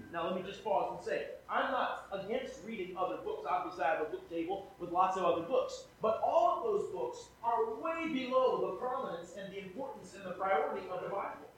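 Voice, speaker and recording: A man preaching as a traveling evangelist, emphatic and given to repeating key phrases, moving between loud pleading questions and quiet conversational asides. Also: sits high, animated, a little fast, breathy edge, poor audio. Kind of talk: sermon.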